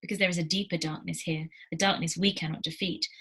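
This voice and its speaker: A woman's voice: fairly low pitch, steady tone, fast, fairly bright tone, slightly rough. A woman voicing a cold, commanding leader of a banished people in a storybook read-aloud. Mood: scornful.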